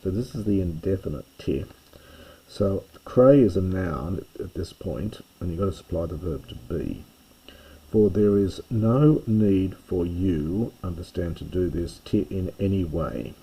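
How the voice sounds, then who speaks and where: A man with a very low, dark voice works through a classical text, unhurried and patient. His tone is husky, and he pauses over words, leaning on each translation. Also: low-quality recording. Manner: thoughtful, pauses with fillers, stresses translations. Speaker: classics teacher reading Homer. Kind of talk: slow line-by-line Greek lesson.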